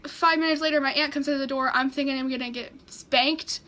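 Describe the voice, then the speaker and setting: A woman's voice: high-pitched, steady tone, fast, very noisy. A teenage girl telling a story on camera in a casual way, laughing often as she talks. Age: teens. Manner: laughing through her story, giggly. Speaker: vlogger.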